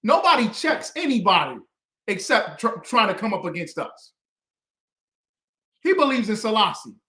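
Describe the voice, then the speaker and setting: A man teaching as a religious instructor, combative and preachy, with loud emphatic bursts. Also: extremely high pitch, echoey room. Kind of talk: fiery teaching commentary.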